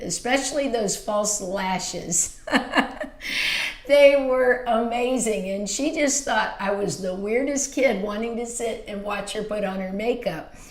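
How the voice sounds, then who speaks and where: A woman in her fifties hosts a casual beauty livestream from a small home filming room, reading viewer comments. Her medium-pitched voice is warm, gushing and chatty, full of exclamations, and the room sounds echoey.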